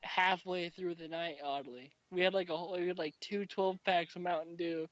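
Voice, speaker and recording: A young man hosting a casual podcast, telling profane, animated stories about friends. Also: high-pitched, normal speed, no echo, muffled recording. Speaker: podcast host. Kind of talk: casual chat.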